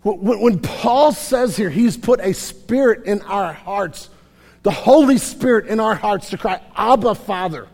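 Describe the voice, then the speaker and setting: A man preaching a sermon in an animated, conversational way, often restarting his words. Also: sits high, measured pace, big-room sound. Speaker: pastor.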